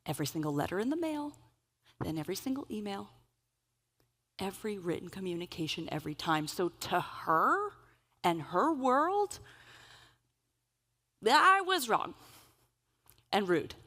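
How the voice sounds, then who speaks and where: A woman giving a conference keynote, telling stories in an animated, humorous way. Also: medium pitch, unhurried, pauses often. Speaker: keynote speaker. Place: event stage.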